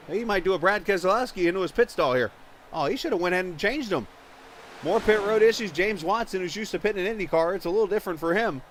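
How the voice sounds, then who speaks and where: A man's voice: high-pitched, quick pace, slight background noise. Chatty man calling a virtual car race. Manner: chatty, reads viewer chat, gets excited at incidents. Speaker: race commentator. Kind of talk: live esports race commentary.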